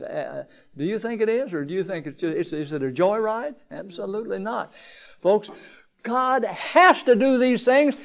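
A man preaching a sermon at a campground meeting, asking the crowd rhetorical questions, swinging from emphatic peaks down to quiet, low passages. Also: lo-fi sound.

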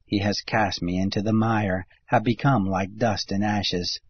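A man with a husky voice giving a steady, measured reading of scripture. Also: lowish voice. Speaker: scripture reader. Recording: dull lo-fi recording.

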